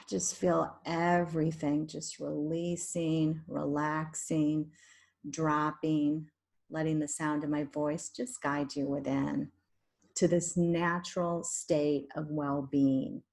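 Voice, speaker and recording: A woman hypnotherapist leading a guided meditation in a soothing, drawn-out way, with breathy sighs. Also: deep voice, steady tone.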